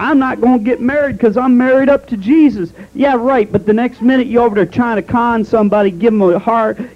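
A Southern American preacher man with a very high voice, delivering a sermon. He is folksy and calls the congregation honey while hammering them with rhetorical questions. The sound is a dull, lo-fi tape recording.

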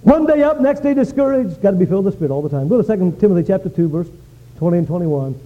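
A male pastor preaching a sermon, telling stories with lively swings from quiet to shouting. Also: sits high, rapid-fire. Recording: dull lo-fi sound.

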